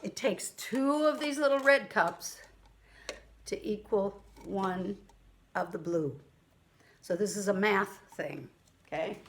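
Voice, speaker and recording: Slow, patient woman music teacher. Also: medium pitch, a little hiss or hum. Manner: counts and chants rhythm syllables, slow and patient. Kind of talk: online music lesson for children. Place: room with a keyboard. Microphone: camera mic.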